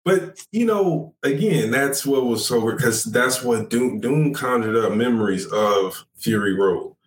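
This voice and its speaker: A man's voice: mid-range voice, lively intonation, unhurried. A man chatting casually about movies as a podcast co-host, enthusiastic and rambling, with lots of fillers. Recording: echoey room with faint noise.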